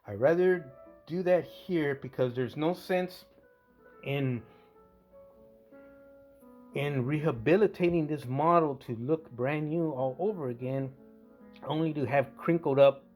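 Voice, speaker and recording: A man's voice: fairly high pitch, a little slow, pauses often, a little mellow, soft background music. A man casually narrating a scale model tank restoration, rambling and correcting himself as he goes. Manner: rambling, self-correcting, conversational.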